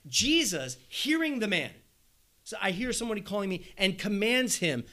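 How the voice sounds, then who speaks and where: A male preacher delivering a sermon in a high, bright voice that swings widely in pitch. He leans on rhetorical questions and dramatizes the lines he quotes. His delivery is lively and full of emphasis. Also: normal speed. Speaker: pastor.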